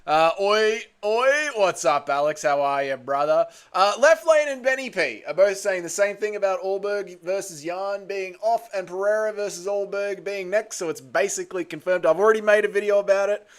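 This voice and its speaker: A young Australian man hosting a livestream, his voice sitting a touch high for a bloke. He's a little hungover but still loud and blokey, greeting chat members one by one with plenty of mate and brother thrown in. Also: moderate pace, few pauses, clear, resonant tone. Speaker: livestream host. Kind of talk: casual livestream chat reading comments.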